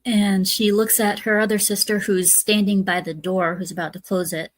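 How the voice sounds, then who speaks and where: A woman's voice: medium pitch, level tone, moderate pace, no room sound. Dry-sounding woman recapping a movie. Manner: retells scenes step by step with many fillers. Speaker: podcast host. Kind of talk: casual movie review chat.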